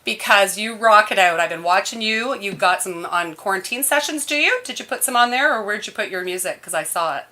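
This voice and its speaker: A woman's voice: medium pitch, lively intonation, fairly quick, hardly any pauses, sharp tone. A woman co-hosting a live music show, a local musician, bubbly and giggly as she chats. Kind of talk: casual live show chat.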